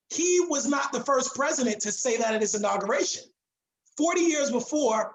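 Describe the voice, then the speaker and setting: A woman teaching a public speaking class, speaking with emphasis and repeating her key words for weight. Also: high voice. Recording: roomy echo.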